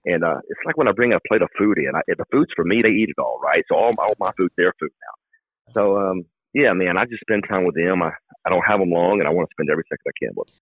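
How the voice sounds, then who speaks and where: A man's voice: low-pitched, animated, fast talker, husky, no echo. A middle-aged man, a political candidate giving fervent, emphatic answers in an interview. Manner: fervent, emphatic, repetitive speechmaking. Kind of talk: campaign interview. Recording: dry tinny phone line.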